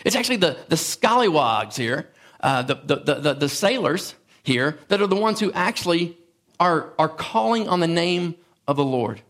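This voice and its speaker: A man's voice: fairly high pitch, expressive, normal speed, fairly bright tone. A man preaching a sermon as a pastor, impassioned, with frequent restarts and asides.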